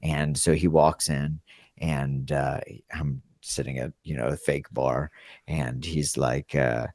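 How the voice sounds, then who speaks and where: A man with a very low voice tells a loose, rambling story to a friend. His delivery is animated and full of asides. The sound is close and dry, with no room around it. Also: measured pace, dry recording. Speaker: guest storyteller. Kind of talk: casual storytelling.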